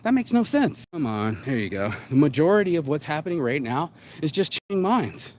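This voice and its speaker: Blunt, profane man ranting, pitched fairly high. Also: big pitch swings, a little fast, darkish tone, slight background noise. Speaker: show host. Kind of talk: solo ranting monologue.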